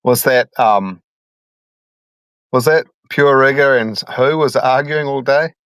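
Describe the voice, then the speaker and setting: A man's voice: medium pitch, slow, fairly bright tone, smooth, no echo. A man hosting a loose, rambling group call chat, laughing often.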